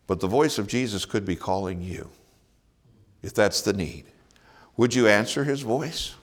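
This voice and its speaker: A man's voice: lowish voice, lively intonation, measured pace. A man preaching a sermon, earnest, asking his listeners rhetorical questions and chuckling now and then. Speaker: pastor.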